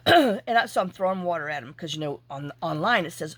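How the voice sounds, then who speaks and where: A woman telling a rambling, animated story in a casual vlog while she works on a craft project. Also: on the low side, brisk. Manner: animated, chatty, acts out her own reactions. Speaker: junk journal crafter.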